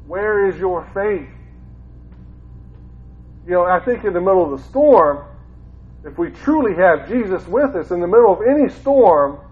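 Man giving a Bible talk over a tinny line. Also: high-pitched. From Ohio, United States. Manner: conversational, repeats phrases, grows more fervent. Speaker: lay preacher, former school teacher. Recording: tinny phone-like sound.

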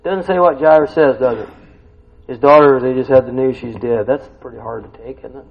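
A middle-aged man preaching a conversational sermon in a folksy way, often asking his listeners questions and rising loud and high when excited. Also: a little fast, vocal fry, breathy edge. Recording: dull lo-fi recording.

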